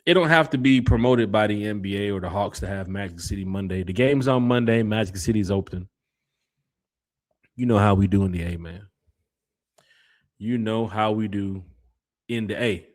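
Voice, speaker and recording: A man hosting a casual fan podcast, reading out chat comments and giving shout-outs. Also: fairly low pitch, normal speed, pauses often. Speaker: podcast host. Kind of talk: casual live-stream chat.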